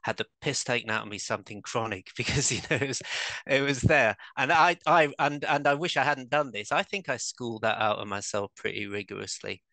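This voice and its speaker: A man's voice: medium pitch, fairly quick, gravelly, bright, forceful tone, no room sound. A man in his fifties from England with a southern English accent, an articulate, emphatic podcast guest who likes rhetorical questions. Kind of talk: conversational interview.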